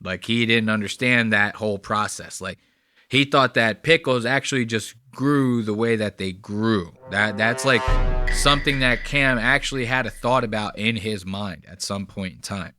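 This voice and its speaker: A man talks over comedy clips in a loose, blunt way, swearing freely as he explains things. His voice is bright and forward, and it sits dry and close to the mic. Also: on the low side, normal speed, no room sound. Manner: profane, blunt, chatty. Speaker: commentator reacting to clips. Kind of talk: casual commentary.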